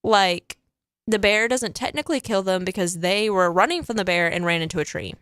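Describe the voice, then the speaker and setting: A teenage girl chats eagerly about a film, peppering her talk with "like" and quick laughs. Her voice sits at a middle pitch. The room sound is dry and close. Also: a bit bright, clear, resonant tone, no room sound. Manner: chatty, laughs often, heavy use of "like". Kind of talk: casual chat about a movie.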